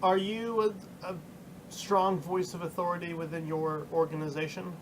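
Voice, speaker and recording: A man's voice: high voice, level tone, normal speed, background noise. A man playing a tabletop game, chatting casually and slipping into his character's polite speech. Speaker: player. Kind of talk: casual play, in-character talk.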